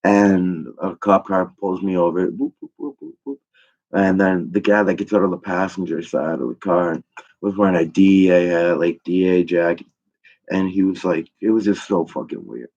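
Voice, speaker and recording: A man's voice: sits low, steady tone, normal speed, a little mellow. A young adult male comedian telling a rambling, profane stand-up story, full of fillers. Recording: dull lo-fi recording.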